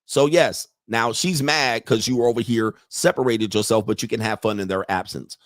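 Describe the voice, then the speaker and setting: A man's voice: mid-range voice, normal speed, no room sound. A young man running a brash, mocking reaction commentary, his slang loose and his voice in a middle register. The sound is dry and close, with no room in it. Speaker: commentary host.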